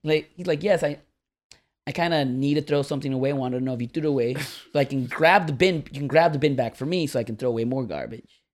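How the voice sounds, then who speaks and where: A man telling a long, rambling story to friends on a podcast, animated and laughing as he goes. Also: mid-range voice, fast talker. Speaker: podcast co-host. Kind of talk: casual storytelling among friends.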